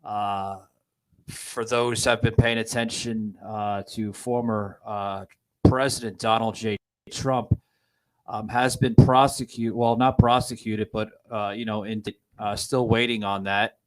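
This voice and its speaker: A man hosting a podcast, giving political commentary in a halting, distraught way with many restarts. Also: lowish voice, fairly even intonation, rough recording. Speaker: podcast host.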